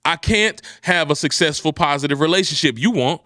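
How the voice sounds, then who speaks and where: Fired-up motivational man, bright and intense. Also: fairly quick, hardly any pauses, no room sound, clean studio sound. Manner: preachy, swings from low and quiet to loud and high. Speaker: podcast host. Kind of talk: motivational podcast talk.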